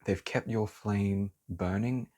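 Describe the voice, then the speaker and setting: A man's voice: on the low side, steady tone, slow, dark tone. A man giving a casual tarot reading, talking heatedly, swearing and then apologizing for it. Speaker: tarot reader.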